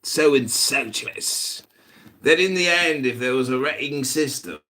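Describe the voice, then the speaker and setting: A man's voice: mid-range voice, unhurried, bright, forceful tone. A man in casual chat as a political candidate hosting his own podcast, loose and jokey. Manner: loose, jokey, self-promoting.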